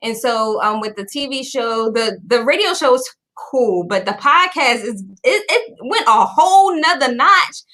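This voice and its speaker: A woman host chatting casually on a video call, bubbly and animated, laughing often as she tells stories. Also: fairly high pitch, unhurried, hardly any pauses. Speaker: podcast host.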